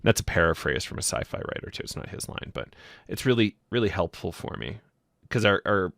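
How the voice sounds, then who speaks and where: A man hosting an interview podcast, speaking slowly and thoughtfully with many fillers. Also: low voice, expressive, vocal fry, a bit bright, no echo, clean studio sound. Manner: slow, thoughtful, lots of fillers. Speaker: podcast host. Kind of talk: casual interview talk.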